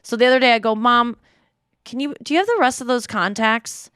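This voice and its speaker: A woman in her thirties hosts a podcast, chatting casually and breaking into giggles as she reads texts aloud. Her voice sits a little high, and the sound is close and dry. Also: a little fast, a bit bright, clean tone, no echo. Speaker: podcast host. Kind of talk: casual chat.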